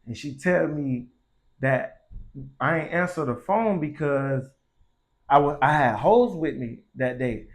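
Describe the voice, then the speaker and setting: A man's voice: a little high, animated, takes it slowly. A young man telling a story casually, in slangy and profane speech that grows heated. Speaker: vlogger.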